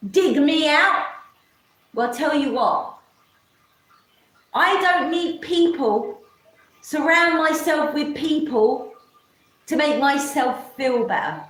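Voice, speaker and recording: A woman's voice: high-pitched, animated, takes it slowly, pauses often, fairly bright tone. A woman ranting on a live stream, rambling, swearing often and mocking others in put-on voices. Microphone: camera mic. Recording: echoey room.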